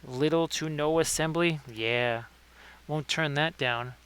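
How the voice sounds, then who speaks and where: A man's voice: on the high side, slow pace, fairly bright tone, clean tone. A man hosting a casual livestream painting tutorial, chatting with viewers by name between painting tips. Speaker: miniature painting streamer.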